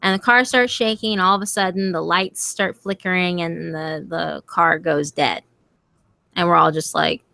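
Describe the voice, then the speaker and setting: A woman's voice: lowish voice, measured pace, creaky, dry recording. Swearing young woman telling a scary story. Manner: animated, swearing, quotes friends in voices. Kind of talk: casual storytelling on a live stream.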